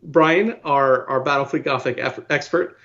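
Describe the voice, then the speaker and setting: A man's voice: mid-range voice, moderate pace, a bit bright, dull audio. A man co-hosting a casual podcast chat in a wry, self-deprecating way, with hesitant fillers. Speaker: podcast co-host, professor.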